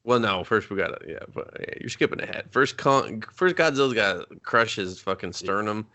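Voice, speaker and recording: A bright, forceful man riffs through a movie recap in loose, profane chat. He rambles, gets excitable and acts out the characters' lines as he goes. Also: fairly low pitch, fairly quick. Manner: rambling, excitable, swears a lot, acts out quotes. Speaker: podcast co-host reviewing a movie.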